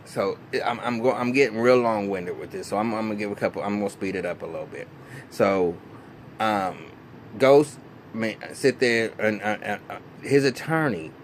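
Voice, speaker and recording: A man casually recapping a TV episode, swearing freely and acting out the characters' lines with an animated delivery. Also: slight background noise. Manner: animated, profane, acts out characters' lines in raised pitch. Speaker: TV episode reviewer.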